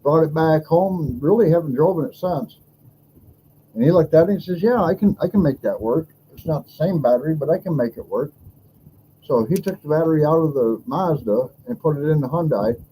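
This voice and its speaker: A man tells a story in a blunt, complaining, casual rant, acting out both sides of each exchange. His voice sits a bit high for a man but sounds mellow and soft-edged. A faint steady hum runs under the recording. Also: a little fast, rough recording. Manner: aggrieved, blunt, acts out dialogue. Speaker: podcast host.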